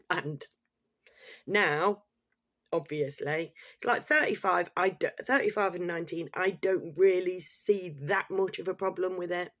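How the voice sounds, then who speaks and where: A middle-aged vlogger talks straight to camera in a blunt, sweary, rambling rant. The voice is husky and breathy, pitched in the middle. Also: no room sound, studio quality. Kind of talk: casual opinion rant to camera.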